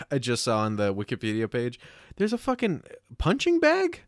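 A man's voice: mid-range voice, normal speed, no room sound, clean studio sound. A man co-hosting a casual comedy podcast, swearing freely and spinning mock-serious bits. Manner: profane, deadpan mock-serious. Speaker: podcast co-host.

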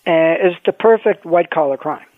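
A man, an orthopedic surgeon, telling wry stories in a measured way as a guest in an interview. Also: on the high side, no room sound. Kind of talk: phone-in interview, storytelling. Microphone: telephone. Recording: tinny phone line.

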